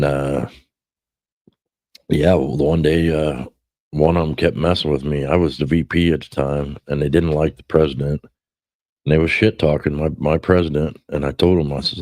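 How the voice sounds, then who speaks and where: A man's voice: very deep voice, darkish tone, dry recording. A middle-aged man hosting a podcast, telling stories in a rambling, cursing way with lots of restarts. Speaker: podcast host. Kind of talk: casual chat.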